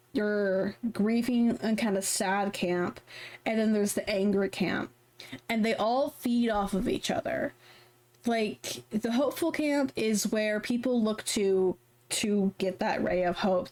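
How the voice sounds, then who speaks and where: A woman's voice: mid-range voice, darkish tone. A woman streamer in casual live-stream chat, rambling with lots of fillers and restarts, heated and passionate.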